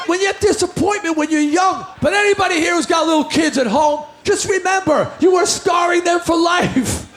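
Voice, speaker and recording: High-voiced guy yelling a story at the crowd, lots of room echo, faint music. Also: moderate pace, few pauses. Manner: shouting, rowdy, storytelling. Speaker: rock singer telling a story on stage. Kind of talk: shouted stage monologue.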